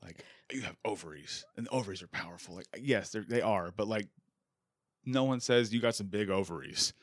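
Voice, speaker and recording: A man's voice: fairly low pitch, brisk, dry recording, studio quality. A young American man hosting a podcast, chatting casually and animatedly, swearing and acting out the voices he quotes. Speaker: podcast host. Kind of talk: casual chat.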